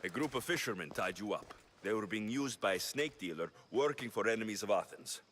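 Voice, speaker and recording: An actor voicing a steady adult male warrior hero in a video game's dialogue. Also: lowish voice, a little fast. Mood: calm. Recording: distant game audio with faint noise.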